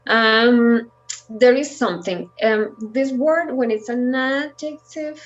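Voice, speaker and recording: A native Spanish-speaking woman gives an online language lesson. She talks slowly and patiently, filling pauses with "eh" and "um". The call audio sounds a little dull. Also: on the high side. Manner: patient, explains slowly with many fillers. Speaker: Spanish teacher.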